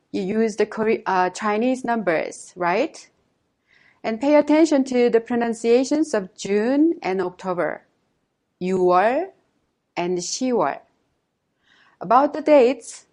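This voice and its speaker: A woman teaching a language lesson, giving dates and modelling each pronunciation slowly and carefully. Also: a little high, a little mellow.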